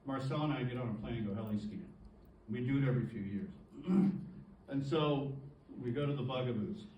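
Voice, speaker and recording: A man's voice: medium pitch, dull audio, slight background noise. Choked-up man giving a tribute speech. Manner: halting, choked up, clears throat often. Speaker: award presenter. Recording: roomy distant recording with faint ambience.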